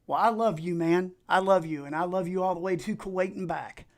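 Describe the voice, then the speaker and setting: A middle-aged man with an Appalachian accent, chatting casually and excitably while streaming video games and telling rambling stories. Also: sits high, fairly quick. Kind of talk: casual live-stream chat while gaming.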